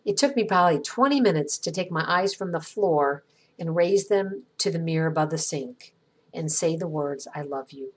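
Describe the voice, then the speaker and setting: Husky, earnest woman podcast host. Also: lowish voice, animated. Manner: gentle, earnest, reflective delivery with slow pauses. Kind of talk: scripted inspirational narration.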